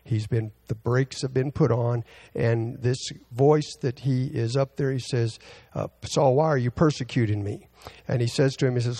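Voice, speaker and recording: A man preaching a Bible teaching sermon, halting often with fillers and restarts as he reads scripture aloud. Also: medium pitch, warm tone.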